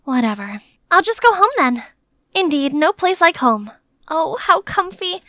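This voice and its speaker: High bright young female storyteller. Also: measured pace, no echo, clean studio sound. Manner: lively, chatty. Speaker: narrator. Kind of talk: animated story narration in first person.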